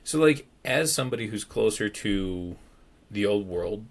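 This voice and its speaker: A man from Wisconsin co-hosting a podcast, talking casually and haltingly, often restarting his sentences. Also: fairly low pitch, lively intonation. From Wisconsin, United States. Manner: halting, restarts and repeats words. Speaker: podcast co-host. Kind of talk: casual conversation.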